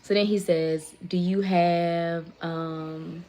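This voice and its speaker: A woman, hosting a casual livestream, retelling a story in an animated way and reading viewer comments aloud. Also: on the low side, slow. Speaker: livestream host.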